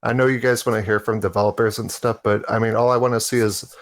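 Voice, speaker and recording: A man on a casual podcast panel speaks in a somewhat low voice. His talk is laid-back and rambling, full of ums and restarts. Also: flat delivery, fast talker.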